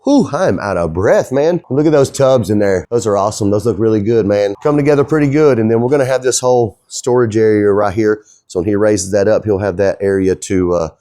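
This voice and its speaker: A man's voice: lowish voice, fairly even intonation, brisk, hardly any pauses, dark tone, dry recording, clean studio sound. A middle-aged man, the owner of a fabrication shop, talking casually in a rambling, folksy way as he works. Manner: easygoing, rambling, folksy talk.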